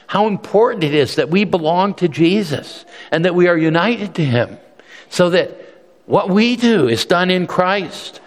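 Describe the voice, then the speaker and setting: Male pastor, higher register, earnest and emphatic sermon delivery with frequent restarts, recorded in a large hall with long reverb. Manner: earnest, emphatic, often repeats words as he restarts.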